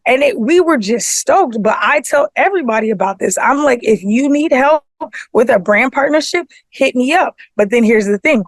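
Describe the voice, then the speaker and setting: Woman venting on a podcast, slightly high voice, acts out both sides of every argument, dry close sound. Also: moderate pace, no echo. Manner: animated storytelling, acting out both sides of arguments; rhetorical questions, frequent "you know what I'm saying". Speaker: artist manager and festival producer. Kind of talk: casual podcast chat.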